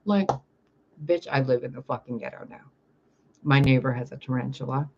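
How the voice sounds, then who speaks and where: A woman telling stories on her vlog in a casual, animated way, swearing freely and laughing as she talks. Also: rumbling low, normal speed, noisy background. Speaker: vlogger. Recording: dull lo-fi recording.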